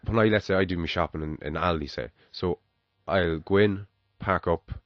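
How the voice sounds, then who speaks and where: Deep-voiced man, swearing freely. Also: moderate pace, no room sound. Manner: relaxed, swears freely, tells examples. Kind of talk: casual podcast chat. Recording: dull, dry sound.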